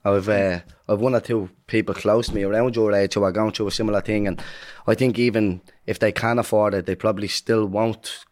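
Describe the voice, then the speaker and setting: Low-voiced, quick-talking podcast host. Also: male voice, steady tone, darkish tone. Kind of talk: casual interview chat.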